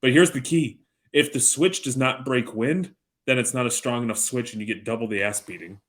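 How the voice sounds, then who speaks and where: A man in his thirties co-hosts a podcast in a brisk, mid-range voice. Chatting casually, he tells long, rambling stories laced with dry jokes and plenty of swearing.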